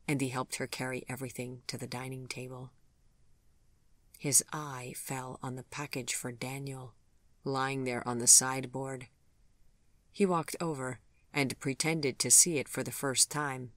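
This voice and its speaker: An audiobook narrator reading a romance novel in a calm, measured way. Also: medium pitch, no room sound. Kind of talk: scripted narration.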